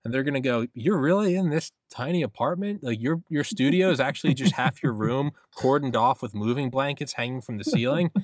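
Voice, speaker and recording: A man's voice: medium pitch, expressive, brisk, few pauses, no echo. A man hosting a podcast in casual comedic chat, rambling and joking as he acts out imagined dialogue. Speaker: podcast host. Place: small apartment home studio.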